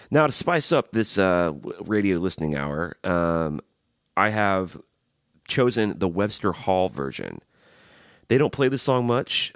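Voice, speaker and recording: Deep-voiced, animated male podcast host. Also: gravelly, no echo, studio quality. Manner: enthusiastic, chatty, self-deprecating jokes. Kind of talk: casual radio-style music commentary.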